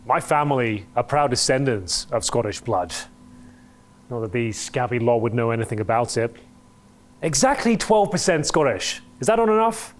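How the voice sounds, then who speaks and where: A man's voice: medium pitch, expressive, normal speed. A man playing himself pompously in a comedy sketch, grandiose and condescending.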